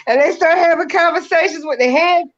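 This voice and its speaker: Woman co-host, casual chat, high pitch, laughing and emphatic, muffled lo-fi recording. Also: a little fast. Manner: giggly, emphatic. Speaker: podcast co-host. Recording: dull lo-fi sound.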